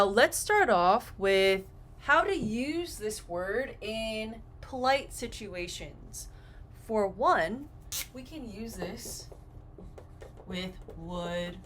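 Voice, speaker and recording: Lively woman teaching English grammar. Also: mid-range voice, slight background noise. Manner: animated, acts out example phrases. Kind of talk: grammar lesson.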